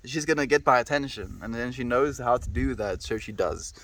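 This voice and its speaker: A man's voice: mid-range voice, a little fast, fairly bright tone. A man in his twenties with a South African accent, chatting casually with his stream chat in a laid-back, rambling way. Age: 20s. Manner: laid-back, rambling, says "dude" and "my friend". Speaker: livestreamer reading chat. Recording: distant mic with faint background noise.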